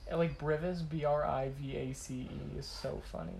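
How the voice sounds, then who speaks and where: Young woman with a very low voice. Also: fairly even intonation, normal speed, creaky, hardly any pauses, a little mellow, slight background noise, rough recording. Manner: easygoing, reacts with short quips and disbelief. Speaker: podcast co-host. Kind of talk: casual chat.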